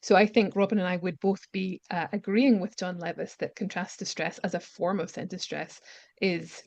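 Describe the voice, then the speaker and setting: A woman's voice: lowish voice, fairly even intonation, normal speed, darkish tone, no room sound. A woman teaching pronunciation on a webinar panel, thinking aloud with restarts as she explains. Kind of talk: webinar discussion.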